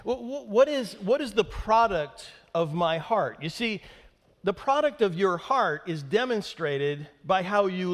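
A male pastor giving a sermon, emphatic and conversational with dry humor. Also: high voice. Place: church sanctuary. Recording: long hall reverb in a church.

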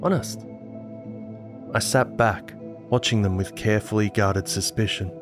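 A man giving a scripted narration of a horror story in a measured storytelling manner. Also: fairly low pitch, steady tone. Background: music.

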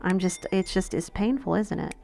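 A woman's voice: on the low side, moderate pace, vocal fry, warm tone, soft background music. A woman hosting a gaming channel, chatting straight to her viewers in casual game commentary.

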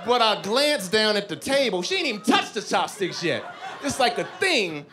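A man's voice: high-pitched, very animated, normal speed, a crowd in the background. A man in his thirties doing a stand-up comedy routine on a club stage, telling a story with voiced asides. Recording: club stage mic with audience noise.

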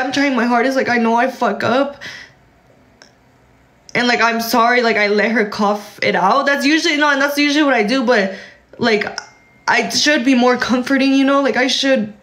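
A young woman with a fairly high voice is crying through a rambling vent on a livestream. She fills her speech with "like" and breaks off sentences to start again, talking straight into a phone mic. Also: a bit bright. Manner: rambling, filler-heavy, restarting sentences. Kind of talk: emotional venting on a livestream.

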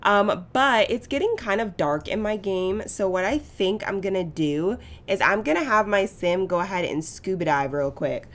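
A woman's voice: medium pitch, normal speed, few pauses. Gushing woman giving game commentary. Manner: gushing, chatty, excitable. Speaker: gaming YouTuber. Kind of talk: casual gameplay commentary.

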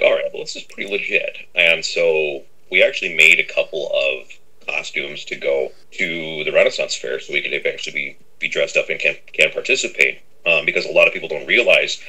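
Middle-aged male interview guest, very low pitch, bright tone, rambling and casual with lots of fillers. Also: breathy edge, rough recording. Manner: rambling, with many fillers and a habit of repeating "on that end".

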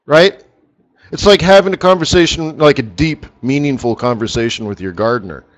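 A man's voice: on the high side, fairly quick. A man hosting a live currency trading session, telling rambling anecdotes in casual chat and laughing at his own jokes. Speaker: forex market strategist hosting a live session. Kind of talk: casual live-stream commentary.

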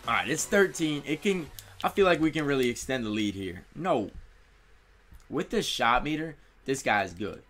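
Excitable man commentating his own game. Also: mid-range voice, moderate pace, faint music behind. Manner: excitable, talks to players on screen. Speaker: gaming YouTuber. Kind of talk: live gameplay commentary.

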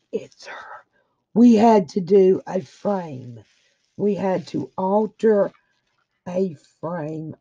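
Gushing to viewers she addresses as "guys," a woman unboxes a craft swap package at her home craft desk, full of exclamations in a casual chat. Her voice is fairly low and mellow, and the dull audio carries slight background noise.

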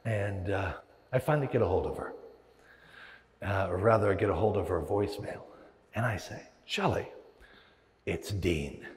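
Speaking with a deep voice at normal speed, this pastor leaves long pauses as he preaches. He narrates stories with animation and performs the voices in his head, while the large church hall adds a lengthy reverb.

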